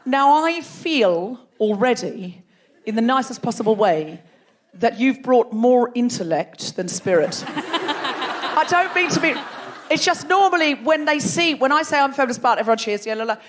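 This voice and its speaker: A woman's voice: fairly high pitch, expressive, measured pace. A woman hosting a live comedy show, bantering playfully and teasing the audience from a theatre stage. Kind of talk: live stand-up crowd work.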